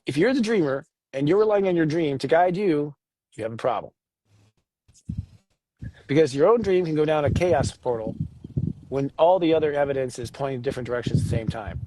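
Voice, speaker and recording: A man co-hosting a casual spiritual talk about astrology, animated and joking. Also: dry recording. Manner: animated, jokes, acts out voices with big pitch jumps. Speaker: astrology show co-host.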